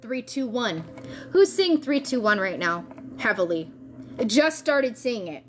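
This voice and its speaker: A woman with a somewhat high voice talks through a tarot reading in a loose, chatty way. She is excitable and full of slang, and she swears freely as she goes. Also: unhurried, music in the background. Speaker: tarot reader. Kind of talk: casual spiritual reading.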